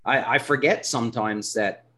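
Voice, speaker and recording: A man's voice: mid-range voice, sharp tone. A man from Newfoundland with a Newfoundland accent, hosting a podcast in casual, rambling chat and laughing easily. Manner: chatty, rambling, quick to laugh. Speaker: podcast host.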